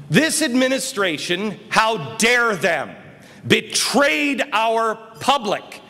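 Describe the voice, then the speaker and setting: A man gives an emphatic political speech from a stage. His voice sits high and swings widely in pitch, dropping low and then rising loud. The hall adds a long reverb with faint noise underneath. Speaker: speaker. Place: conference hall.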